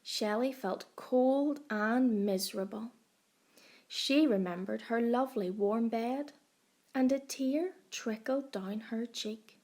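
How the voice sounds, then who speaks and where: A woman primary school teacher reading a picture book aloud to young children. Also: on the high side. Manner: slow, expressive.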